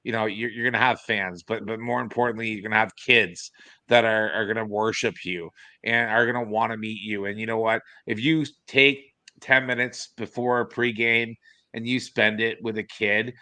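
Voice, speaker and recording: A man hosting a casual chat, earnest and reflective, often repeating words as he goes. His voice is low, and it is recorded dry and close, with no room sound. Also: steady tone, normal speed, bright, forceful tone, no room sound. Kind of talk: casual commentary.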